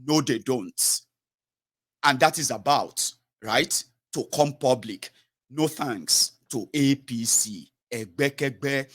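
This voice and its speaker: A man's voice: medium pitch, slow, fairly bright tone. A man with a Nigerian accent giving an impassioned political monologue, emphatic and full of fillers and self-corrections. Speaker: political commentator.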